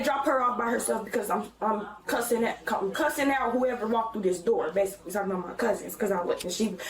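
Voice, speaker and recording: A young woman telling police about a fight at home, agitated and rambling, with many halting restarts. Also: on the high side. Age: young adult. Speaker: teen mother talking to police. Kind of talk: recounting an argument. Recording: echoey room, far from mic, crowd noise.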